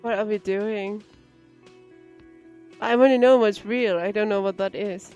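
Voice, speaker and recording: A woman's voice: mid-range voice, fairly even intonation, measured pace, darkish tone, muffled recording, soft background music. Giggly woman streaming a game. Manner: giggly, playful asides. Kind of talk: live game playthrough commentary.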